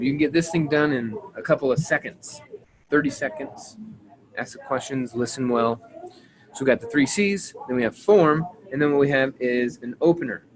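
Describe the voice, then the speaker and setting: A man's voice: medium pitch, low-quality recording. A man leading a team training call, coaching his listeners and checking in with them as he repeats his points. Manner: acts out sample conversations.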